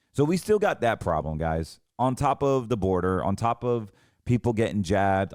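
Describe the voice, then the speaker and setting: A man's voice: deep voice, a little mellow, no room sound, studio quality. A man hosting a financial show, ranting in heated, emphatic commentary and often restarting his sentences.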